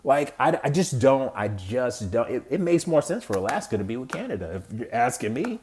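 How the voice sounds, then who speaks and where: A man's voice: medium pitch, very animated, brisk, a little mellow, a little hiss or hum. A man from the United States giving casual, exasperated political commentary as a podcast host, rambling with slang and frequent restarts.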